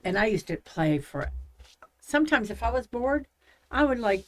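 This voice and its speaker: A woman hosting a casual talk show, chatty and animated when retelling stories. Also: mid-range voice, normal speed, slight background noise, low-quality recording. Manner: chatty, acts out scam calls in lively voices. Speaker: podcast host. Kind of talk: casual chat.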